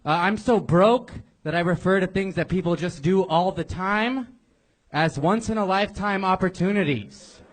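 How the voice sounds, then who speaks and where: A man's voice: high-pitched, moderate pace. Man firing self-mocking stand-up one-liners. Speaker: band drummer doing a stand-up set. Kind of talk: stand-up set.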